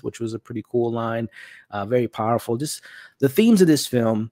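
A young man reviews a film in an easygoing, animated way at a middle pitch. He rambles through the plot and lifts his voice to play out quoted lines. The recording is close and dry, with no room sound. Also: moderate pace, dry recording. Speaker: movie reviewer. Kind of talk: casual spoiler review talk.

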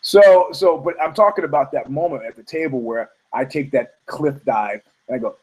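A man at medium pitch hosting a talk show who rambles through a story. He swears freely and keeps restarting his sentences with asides. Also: normal speed, a little mellow, slightly rough, poor audio. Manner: rambling, profane, many restarts. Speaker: host.

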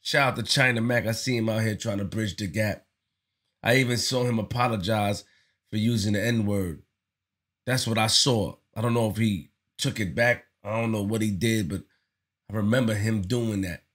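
A man's voice: on the low side, fairly even intonation, moderate pace, a bit bright. A man giving casual spoken commentary on his channel, earnest and slangy, often repeating himself as he talks it through. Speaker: vlogger.

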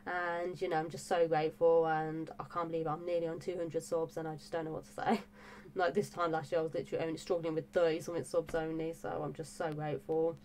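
A woman's voice: low-pitched, level tone, fast, a little mellow, slight background noise. A woman vlogging in a gushing, breathless way, full of fillers and repeated exclamations about her reaction channel. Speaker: music reaction YouTuber. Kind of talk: excited casual vlog talk.

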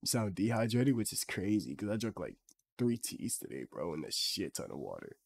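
A young man streaming a mobile shooter, talking loose slangy trash talk in a hoarse, sick voice. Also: low voice, very animated, moderate pace. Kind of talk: casual gaming stream banter.

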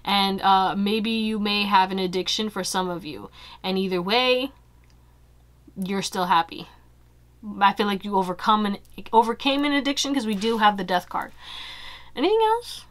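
Young adult woman, tarot reader talking to her audience; casual, animated, rambling delivery. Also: medium pitch, moderate pace. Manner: chatty, animated, fillers like "you know" and "y'all". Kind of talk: casual pick-a-card tarot reading.

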